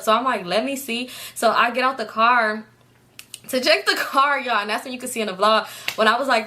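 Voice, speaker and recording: A young woman, telling a casual storytime, animated and laughing as she quotes the people in her story. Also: on the high side, a little fast.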